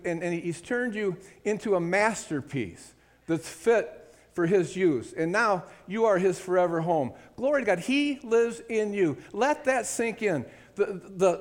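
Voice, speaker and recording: In a hall with long reverb, a man with a high, animated voice preaches a sermon at an unhurried pace. He speaks emphatically and calls on the congregation for an amen.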